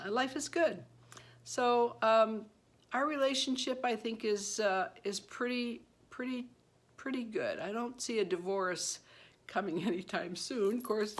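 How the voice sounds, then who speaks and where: Chatty retired woman vlogging. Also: medium pitch. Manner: rambling and chatty, laughs often, acts out quoted voices. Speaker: beauty vlogger. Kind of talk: casual chat to camera.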